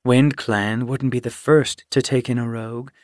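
A man's voice: mid-range voice, steady tone, normal speed, darkish tone, no echo, clean studio sound, natural voice. A man voicing a proud, firm female cat queen in an audiobook, speaking with confident authority. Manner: firm, dismissive.

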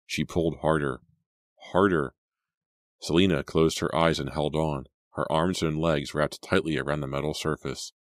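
A man narrating a suspense audiobook in a measured, suspenseful way. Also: extremely low pitch, steady tone, no echo, studio quality. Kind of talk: dramatic audiobook reading.

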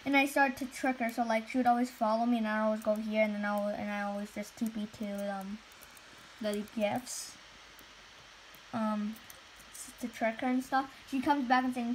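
A woman's voice: fairly high pitch, steady tone, moderate pace, low-quality recording. A young woman hosting a gaming channel, retelling a story in a chatty, rambling, exasperated way. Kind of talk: casual storytelling vlog. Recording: faint background noise.

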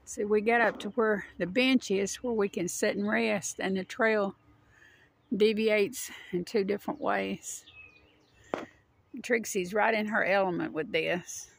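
Gravelly woman, out of breath. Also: medium pitch, unhurried, a little hiss or hum. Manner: chatty, rambling, talks sweetly to her dog. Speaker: vlogger walking her dog. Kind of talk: casual walking narration. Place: outdoor wooded park trail.

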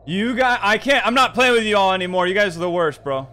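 A man's voice: high-pitched, expressive, fast talker, pushed and bright. A young man hosting a gaming video, taking charge of his friends in casual banter. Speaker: channel host.

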